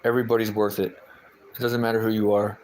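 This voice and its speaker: Low-voiced guy on a livestream, ums and restarts everywhere, chatting to viewers. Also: flat delivery, fast talker, darkish tone, a little hiss or hum, poor audio. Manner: rambling, hesitant, lots of fillers and restarts. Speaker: livestream host. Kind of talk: casual chat, reading out viewer comments.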